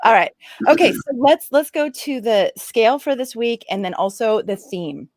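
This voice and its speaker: A woman hosts a podcast conversation with an upbeat, chatty manner, slipping in quick asides between promotions. Her voice sits a little high, recorded close and dry with no room sound. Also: expressive, a little mellow, dry recording. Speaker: podcast host. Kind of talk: casual podcast chat.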